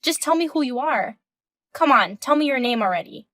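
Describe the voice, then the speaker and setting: A woman in her thirties reads a scripted text-message story in a fairly high, indignant voice. The sound is dry and close, with no room echo. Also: lively intonation, normal speed, a bit bright. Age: 30s. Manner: indignant, questioning. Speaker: story narrator voicing the wife.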